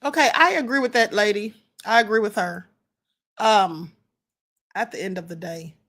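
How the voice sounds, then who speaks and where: A woman's voice: mid-range voice, normal speed, fairly bright tone. A woman hosting a live stream, giving casual opinionated commentary on clips and reading viewer comments aloud.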